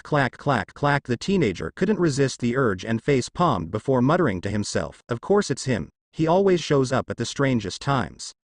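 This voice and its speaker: A man narrates a fan story in a steady, scripted read. His pitch rises and falls with lively movement, and the recording is dry and close with no room sound. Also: no room sound.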